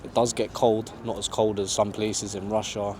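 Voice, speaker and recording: A man talks in a low, easygoing voice, sprinkling his answers with casual asides. He is outdoors in a city park, with faint traffic noise behind him. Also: flat delivery, normal speed. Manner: laid-back, conversational, lots of "you know". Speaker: travel vlogger being interviewed.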